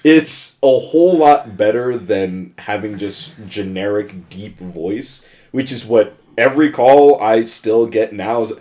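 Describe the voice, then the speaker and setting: A young man co-hosting a casual podcast, animated and quick to laugh, who does voice acting and slips into put-on deep voices. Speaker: podcast co-host, voice actor.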